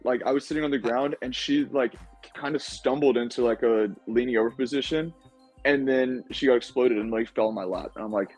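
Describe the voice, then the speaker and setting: Young man, husky voice, rambling casual storytelling, podcast guest, faint background music. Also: mid-range voice, brisk, a little mellow, low-quality recording. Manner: rambling storytelling, heavy use of "like". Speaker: guest, former game show contestant.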